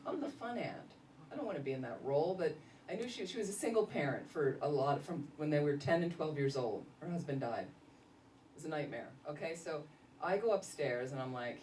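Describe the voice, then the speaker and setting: A woman, a Buddhist nun, giving a casual dharma talk full of lively stories and laughter. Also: sits low. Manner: animated storytelling, laughing often. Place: meditation center hall. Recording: roomy echo, distant mic, faint noise.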